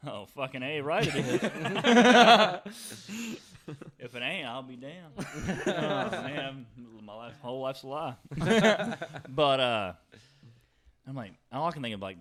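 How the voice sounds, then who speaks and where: A man's voice: a little high, big pitch swings, slow, pauses often, fairly bright tone. A young man, co-hosting a podcast, telling a rambling, profane story and laughing often. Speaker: podcast co-host. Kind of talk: casual storytelling chat.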